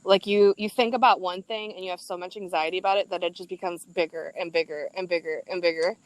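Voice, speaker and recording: A young woman guest in a casual chat, telling stories with lively energy and frequent laughter. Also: on the low side, fast talker, low-quality recording. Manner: laughing, animated storyteller.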